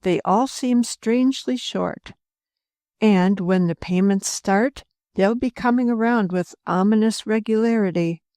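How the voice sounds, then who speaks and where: A woman's voice: mid-range voice, measured pace, warm tone, dry recording, clean studio sound, natural voice. A woman reading a wry, drawling old settler.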